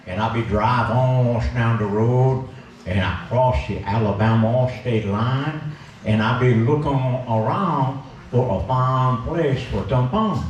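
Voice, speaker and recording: A male pastor telling folksy comic stories in a Cajun persona, deadpan and dialect-heavy. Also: mid-range voice, muffled recording, slight background noise. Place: church. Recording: echoey church hall from far off.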